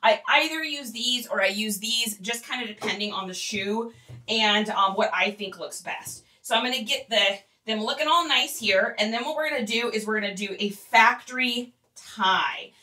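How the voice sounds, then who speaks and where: A woman who resells online leads a casual livestream tutorial, chatty and giggly, speaking straight to her viewers. Her voice is a little high and sharp at a moderate pace, and she sounds far from the mic.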